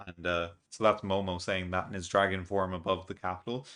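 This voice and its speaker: A man's voice: deep voice, flat delivery, fairly quick, fairly bright tone. A man hosting a reaction video, casually recapping a comic chapter and thinking aloud, reading the dialogue out plainly. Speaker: manga reaction video host.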